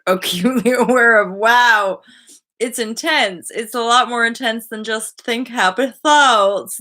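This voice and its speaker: Bright-voiced woman chatting on a live stream. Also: medium pitch. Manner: chatty and spiritual, with fillers and quick asides. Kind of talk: casual live-stream chat to viewers.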